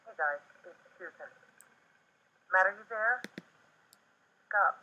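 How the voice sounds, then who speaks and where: An ordinary caller leaving a message on an answering machine, speaking slowly and plainly with a gravelly edge. Her voice has a bright, sharp tone but comes through a dull, muffled tape with faint hiss. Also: mid-range voice, lively intonation, full character voice. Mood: casual.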